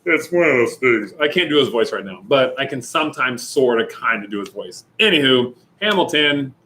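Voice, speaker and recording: A man's voice: medium pitch, animated, moderate pace, bright, forceful tone, poor audio. A young man and youth pastor chatting casually and jokingly with viewers on a livestream. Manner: jokey, playful, chatty with viewers.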